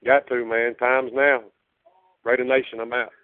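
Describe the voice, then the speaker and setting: A man's voice: mid-range voice, little pitch movement, measured pace, noisy background. A man calling in to a fan show, ranting angrily and swearing heavily. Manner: furious, profane, venting. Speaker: caller. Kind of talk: angry voicemail rant. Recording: tinny phone line.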